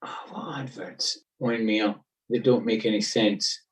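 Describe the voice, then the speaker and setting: A man's voice: lowish voice, a little slow, distant mic, rough recording. A man, a guest comedian in casual chat, who acts out scenes in silly voices.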